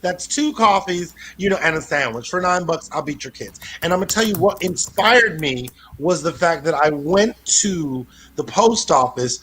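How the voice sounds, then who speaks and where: A man doing a rambling, profane stand-up comedy set, full of restarts and deadpan absurd asides. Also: a little high, normal speed, few pauses.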